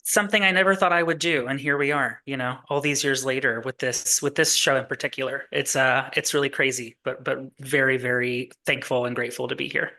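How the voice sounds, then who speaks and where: Bright, chatty Kentucky-raised interview guest. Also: mid-range voice, steady tone, brisk, hardly any pauses. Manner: chatty, laughs often. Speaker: guest, musical writer. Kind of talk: casual interview chat.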